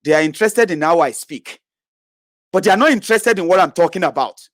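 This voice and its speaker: A man's voice: high voice, expressive, a little fast, a bit bright, no room sound, studio quality. Scornful male commentator. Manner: combative and scornful, many "eh" tags. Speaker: political commentator. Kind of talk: impassioned social media rant.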